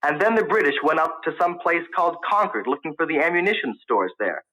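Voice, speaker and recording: An eager young student caught between nerves and defiance, as a storyteller puts him on. He talks in a raised, lively voice that climbs when pressed, bright and sharp at the edges. A storybook figure who argues right back. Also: fairly high pitch, brisk, low-quality recording. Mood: heated. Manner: eager, defensive. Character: young man, college student, nervous and argumentative.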